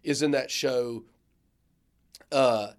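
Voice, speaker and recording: A man's voice: medium pitch, steady tone, drawn-out words. Reflective man musing on a podcast. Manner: reflective, filler-heavy with frequent "like". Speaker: theologian and ethicist, podcast co-host. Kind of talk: casual podcast discussion.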